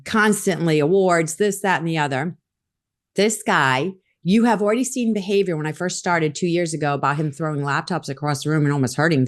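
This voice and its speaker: A middle-aged woman, a podcast guest, telling a story in conversation and acting out the lines she quotes. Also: deep voice. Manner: animated, acts out quoted lines.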